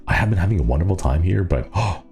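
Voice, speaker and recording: A man's voice: low voice, lively intonation, fast, a little mellow, faint music behind. A man with a stuffy nose, chatting playfully and rambling on a casual stream from a small city apartment.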